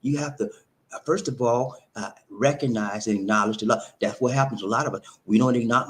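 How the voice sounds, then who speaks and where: Host: man, casual advice monologue, animated and repetitive, mid pitch. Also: a little fast. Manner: animated, repetitive, preachy, says "man" often. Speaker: relationship talk host.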